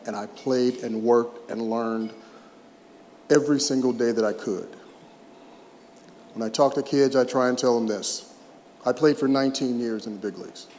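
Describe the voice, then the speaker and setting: A man around sixty speaks at a podium in a large hall, his mid-pitched voice carrying a long reverb tail over a faint murmur of ambience. He mixes heartfelt, emotional moments with humorous stories. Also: a little mellow, slight background noise. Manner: emotional, humorous storyteller who chokes up at times. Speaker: retired baseball player giving an awards speech. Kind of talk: heartfelt public speech with anecdotes.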